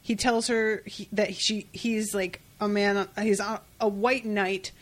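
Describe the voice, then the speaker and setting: A woman co-hosting a casual podcast chat about comics, animated and laughing often as she retells scenes. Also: medium pitch, slow pace. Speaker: podcast co-host.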